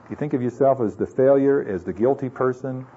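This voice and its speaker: A man from the United States delivers a sermon in an earnest, conversational way, asking the listeners question after question. His voice is husky and mellow. The recording sounds dull and lo-fi. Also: medium pitch, a little fast. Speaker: pastor.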